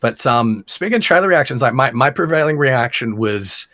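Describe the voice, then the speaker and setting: A man's voice: mid-range voice, animated, normal speed, sharp tone, dry recording. A man talking on a podcast, chatty and sure of himself, explaining at length with plenty of fillers. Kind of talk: casual podcast chat.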